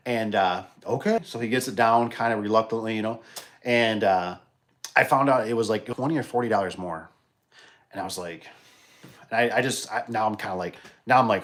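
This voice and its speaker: A man's voice: mid-range voice, fast talker. A man who installs garage doors, casually telling a rambling work story on a livestream, full of restarts and acted-out dialogue. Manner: rambling, animated retelling with many restarts.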